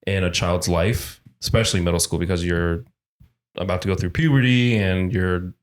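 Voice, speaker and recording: A man's voice: low voice, moderate pace. A young adult man talking earnestly in a casual podcast chat, restarting his sentences as he thinks.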